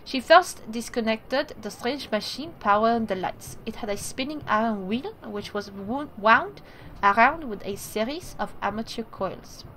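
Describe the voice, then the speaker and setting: Woman, casual game reading, slightly high, bright voice. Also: lively intonation, a little slow, slight background noise, poor audio. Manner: casual, self-deprecating asides. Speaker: gamer reading a text game aloud. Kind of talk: reading game text aloud with asides.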